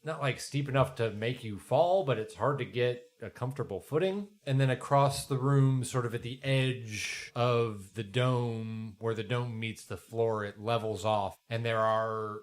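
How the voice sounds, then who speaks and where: Guy running a tabletop game, describing the scene playfully, even middle voice. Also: mid-range voice, a little slow, hardly any pauses. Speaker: game master.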